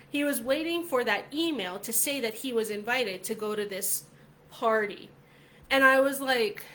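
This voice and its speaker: A middle-aged woman hosting a casual vlog, telling a story in a chatty, animated way, with lots of filler words. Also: fairly high pitch, a little hiss or hum. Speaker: vlog host.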